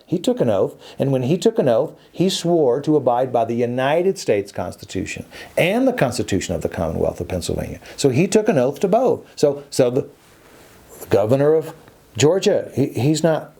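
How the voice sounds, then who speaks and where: A man's voice: medium pitch, big pitch swings, normal speed, mellow, breathy edge. A man, an attorney hosting a podcast, speaking in an emphatic, repetitive monologue that often stumbles and restarts.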